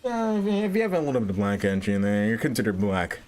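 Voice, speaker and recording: A young man casually commentating a game playthrough, crude and prone to loud sweary outbursts. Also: on the low side, very animated, very fast, faint music behind. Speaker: let's play commentator.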